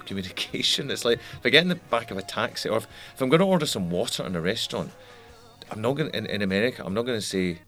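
A man with a low voice and a gravelly edge speaks frankly in an interview. He rattles along quickly, breaking off and restarting his sentences. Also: a bit bright. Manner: candid, restarts mid-sentence, swears. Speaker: musician interviewee. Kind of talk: reflective interview talk.

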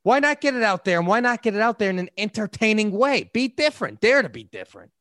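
A man's voice: sits high, very animated, fast, fairly bright tone, no room sound, studio quality. A man, an MMA interviewer who refers to himself in the third person and talks like an upbeat promoter. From Chicago area. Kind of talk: casual chat.

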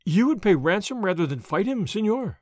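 A man reading the part of a proud, spirited young noblewoman, asking sharp, challenging questions. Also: high-pitched, sing-song, fairly quick, dry recording, clean studio sound.

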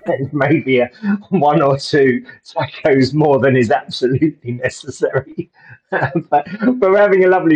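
A man's voice: medium pitch, breathy edge, lo-fi sound. A man co-hosting a casual podcast chat, laughing easily and teasing, recorded on a phone from a hot bedroom. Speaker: podcast co-host. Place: hot bedroom abroad with fan on. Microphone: phone over internet call.

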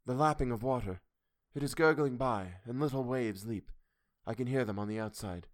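A man voicing a young woman in a hypnotic trance, speaking softly, dreamily and from far away in an audiobook reading. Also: medium pitch, moderate pace, no echo, studio quality, close to an everyday voice. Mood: dreamy. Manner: soft, dreamy and distant.

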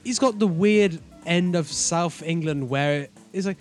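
Sarcastic, fairly high-voiced man. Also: measured pace, hardly any pauses, soft background music. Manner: sarcastic, blunt, swears freely. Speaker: podcast co-host. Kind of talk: casual chat.

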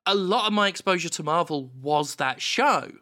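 A young man rambling through a deadpan comedic story in casual chat. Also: on the high side, normal speed.

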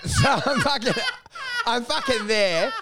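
High-voiced man, animated storyteller. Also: measured pace, very noisy. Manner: swears freely, animated storytelling with put-on quoted voices. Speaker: podcast co-host. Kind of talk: casual banter.

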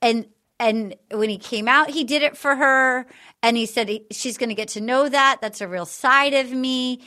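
High-voiced chatty woman host. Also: moderate pace, bright, forceful tone. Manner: chatty, giggly, lots of fillers. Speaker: podcast host. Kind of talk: casual chat recapping a dating show.

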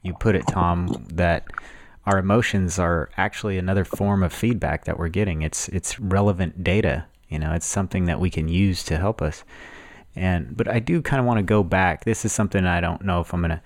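A man's voice: deep voice, fairly quick, no room sound, clean studio sound. A man hosting an interview, asking earnest questions and sometimes repeating words. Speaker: podcast host.

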